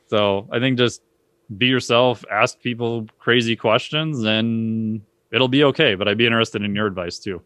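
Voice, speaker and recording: A man tells stories casually as a podcast guest, animated and quick to act out the voices of others. His voice sits in the middle range and is recorded dry and close, with no room sound. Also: no room sound. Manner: animated, acts out quoted voices with big pitch jumps. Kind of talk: casual conversational storytelling.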